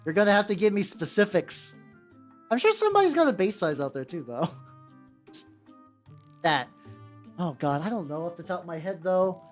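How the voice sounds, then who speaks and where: A woman's voice: on the low side, big pitch swings, moderate pace, pauses often. Rambling woman streamer, chatty and casual. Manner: rambling, stammers and repeats words, swears freely. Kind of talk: casual chat while painting miniatures. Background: faint background music.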